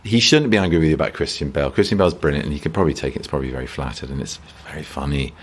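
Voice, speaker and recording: A man's voice: extremely low pitch, very fast, breathy edge. A man, an actor as a guest, talking reflectively and self-deprecatingly in a rambling interview, often restarting sentences.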